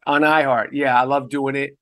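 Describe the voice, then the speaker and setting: A man's voice: mid-range voice, little pitch movement, normal speed, a bit bright, no room sound. Laid-back guy guest chatting, sounds a bit far from the mic, dry. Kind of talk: casual chat.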